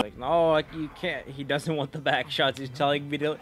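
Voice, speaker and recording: A man's voice: medium pitch, normal speed, few pauses, fairly bright tone. A young man giving profane, frustrated commentary while playing a game, trash-talking bosses. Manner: swearing, frustrated outbursts, mocking trash talk. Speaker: gaming streamer.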